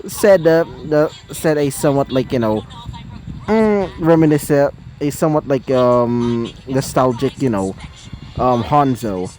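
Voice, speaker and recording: A man narrating a fan story off the cuff, halting with many fillers and restarts. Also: medium pitch, darkish tone, low-quality recording.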